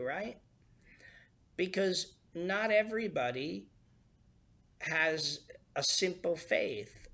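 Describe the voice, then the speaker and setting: A man's voice: fairly high pitch, bright, forceful tone. A man preaching a sermon in a somewhat raised voice. He takes his time and draws out the key words for emphasis, reading scripture and then explaining it plainly. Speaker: pastor.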